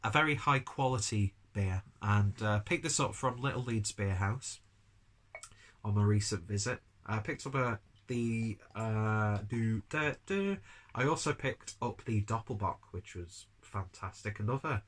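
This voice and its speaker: A man reviews a beer in a loose, rambling vlog style and swears now and then. He is coming down with a cold. His voice sits fairly low. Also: a little slow, a bit bright. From United Kingdom. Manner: rambling, chatty, casual swearing.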